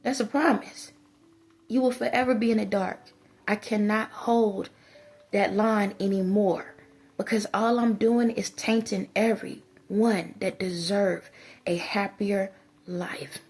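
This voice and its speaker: A woman's voice: mid-range voice, fairly even intonation, takes it slowly, a little mellow, husky. A woman giving a preachy monologue to her viewers as a spiritual advisor, scolding them with emphatic repetition.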